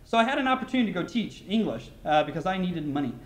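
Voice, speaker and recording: A man's voice: sits high, very animated, racing, roomy sound. An American man giving a casual, anecdote-filled keynote speech at a conference, often restarting sentences and using fillers. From United States. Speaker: keynote speaker. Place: large conference hall.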